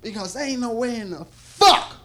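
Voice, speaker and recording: A man with an extremely high, expressive voice does stand-up at a moderate pace on a club stage. Rambling and foul-mouthed, he laughs between lines and his mouth is dry. The live recording picks up a loud, reactive crowd.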